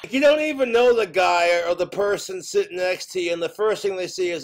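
High-voiced man doing profane stand-up. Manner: profane, exasperated storytelling with quick put-on voices. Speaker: stand-up comedian. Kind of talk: stand-up comedy routine.

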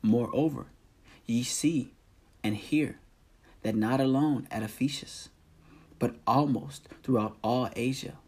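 Guy reading as a riled-up silversmith, slow and a bit husky. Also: mid-range voice, a little mellow. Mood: aggrieved. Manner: slow, deliberate scripture reading. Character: angry male silversmith rousing fellow craftsmen. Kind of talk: solemn scripture reading.

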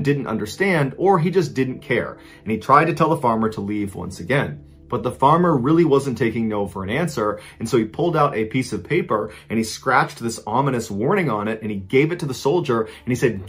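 Husky man telling a dramatic story. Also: medium pitch. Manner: casual, conversational retelling with emphatic repeats.

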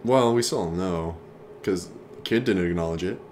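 A man's voice: low-pitched, moderate pace, darkish tone, a little hiss or hum. A man co-hosting a casual movie commentary, laid-back and agreeable with wry remarks. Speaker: commentary co-host.

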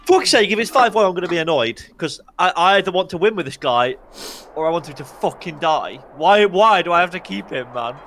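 A man's voice: high voice, lively intonation, fairly quick, fairly bright tone, faint music behind. A man chatting casually while playing a game, swearing, yelping and laughing. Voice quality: swears a lot, yelps and laughs. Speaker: gaming video co-host. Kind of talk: casual gameplay chat.

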